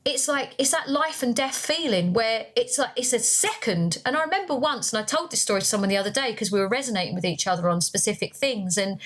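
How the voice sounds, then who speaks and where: High-pitched woman telling a story. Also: fairly bright tone. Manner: rambling, many fillers and restarts. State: close to tears. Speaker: podcast co-host. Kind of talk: emotional personal storytelling.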